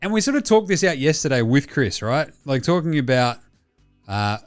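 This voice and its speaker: A man's voice: mid-range voice, big pitch swings, moderate pace, faint music behind. An Australian man hosting a solo sports talk show, bluntly rambling and swearing constantly as he reads out listener messages. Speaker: podcast host.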